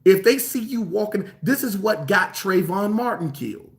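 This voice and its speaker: A male preacher with a fairly high voice for a man, speaking in an emphatic and colloquial way. He repeats phrases to drive them home and stretches some words out slowly. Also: animated. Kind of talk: sermon.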